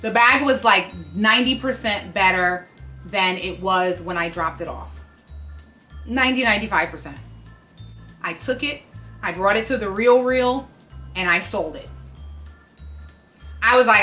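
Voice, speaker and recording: A woman, telling a story to the camera in an animated, indignant way and repeating herself for emphasis. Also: medium pitch, measured pace, pauses often, faint music behind. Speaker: fashion vlogger.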